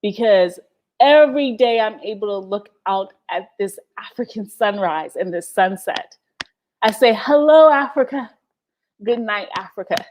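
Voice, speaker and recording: A woman's voice: mid-range voice, lively intonation, measured pace, slight background noise. A woman from the United States, hosting a livestream in passionate, profane talk full of emphatic repetition, teary-eyed. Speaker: livestream host.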